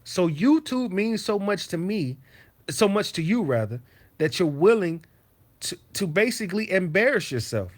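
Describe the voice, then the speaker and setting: A male streamer talks from his home basement in a slightly high voice. His talk is blunt, profane and full of repetition, in a loose, ranting livestream manner. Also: big pitch swings, normal speed. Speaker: streamer host. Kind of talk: casual livestream rant.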